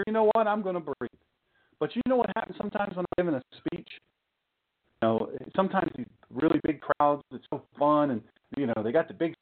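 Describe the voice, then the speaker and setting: A man preaching in a loose, chatty way, tossing out rhetorical questions and little jokes. His voice sits fairly high and swings up and down a lot. The sound is thin and tinny, like a phone line. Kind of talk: informal sermon talk.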